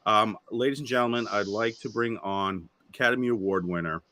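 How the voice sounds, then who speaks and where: A man's voice: fairly low pitch, a little fast, sharp tone, dry recording. A man hosting a livestream interview in a joking, casual way, reading viewer comments aloud. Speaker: podcast host.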